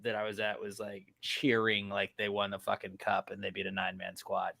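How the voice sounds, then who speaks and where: A man co-hosting a loose sports podcast, talking in a rambling way full of restarts and casual swearing. His slightly low voice is bright and forceful, and it sits in a dry, close sound. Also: monotone, fairly quick, creaky, dry recording. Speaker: podcast co-host.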